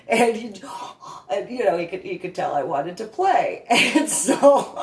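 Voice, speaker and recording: A woman telling a rambling personal anecdote, laughing often and slipping into a high, babyish voice when she quotes. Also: big pitch swings, slow pace. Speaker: storyteller. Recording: echoey room, far from the mic.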